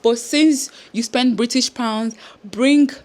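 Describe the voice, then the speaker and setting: Woman putting on a pushy border officer, high-pitched and clipped, snapping out short demands. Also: slow, darkish tone. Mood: insistent. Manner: high clipped insistent barking. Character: curt male immigration officer demanding cash.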